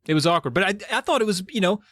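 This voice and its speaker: Wry, joking podcast man, slightly high. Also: lively intonation, very fast, bright, forceful tone, no room sound, studio quality. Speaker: podcast co-host. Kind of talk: casual movie recap chat.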